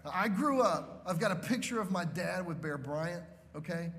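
A man's voice: high voice, lively intonation, normal speed, fairly bright tone, big-room sound. A man preaching a sermon as pastor, telling a story with emphasis and often checking in with the crowd. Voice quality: emphatic storytelling with frequent "okay?" check-ins.

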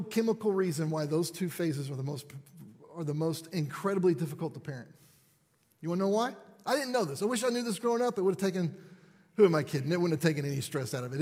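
Man, higher pitched and a bit husky, animated storyteller poking fun at himself, big hall echo. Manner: animated, self-deprecating storyteller. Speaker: parent and speaker. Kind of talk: storytelling talk to an audience.

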